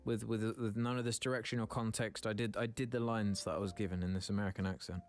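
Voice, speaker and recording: A man's voice: lowish voice, little pitch movement, fast talker, soft background music. A man with an English accent telling a casual story about his voice-acting work. He mocks himself, laughs often and stumbles through restarts. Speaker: YouTuber and voice actor.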